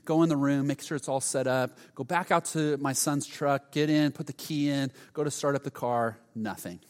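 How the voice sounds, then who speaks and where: A middle-aged male pastor preaching a sermon, telling stories with sudden loud outbursts. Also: medium pitch, normal speed. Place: church sanctuary. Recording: long hall reverb.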